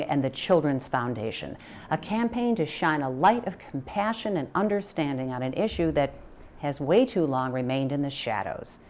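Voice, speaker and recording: A woman hosting a TV program, presenting a scripted introduction and interviewing a guest with a measured, earnest delivery. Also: deep voice. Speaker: TV host.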